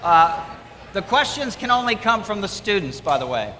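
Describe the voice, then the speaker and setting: This middle-aged donor's high, bright voice swings widely in pitch and sounds forceful at a normal pace. He gives students an upbeat, emphatic pep talk in a school hall, repeating key words, while the audience listens amid echo and faint room noise.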